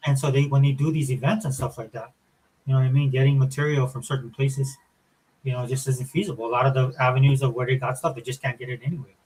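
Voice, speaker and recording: A man's voice: medium pitch, fairly even intonation, quick pace, darkish tone, a little hiss or hum, poor audio. A middle-aged man co-hosting a podcast, talking casually and animatedly, rambling through stories with lots of fillers. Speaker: podcast co-host. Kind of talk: casual chat.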